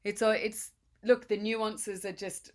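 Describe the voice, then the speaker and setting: A woman's voice: mid-range voice, steady tone, a little slow. A woman in her late forties hosting a casual conversation, frank and emphatic, swearing freely. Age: 40s. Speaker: podcast host.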